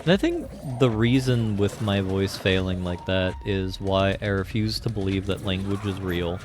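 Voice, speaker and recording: This man streams a video game live, rambling through casual gameplay commentary packed with fillers. His voice is low and his pace moderate, with a noisy background behind him.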